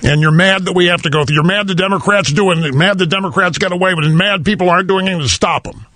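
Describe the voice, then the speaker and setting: A man's voice: high-pitched, racing, sharp tone. A man hosting a talk radio show, emphatic and conversational, rephrasing a caller's point back to him. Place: radio studio. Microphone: studio microphone.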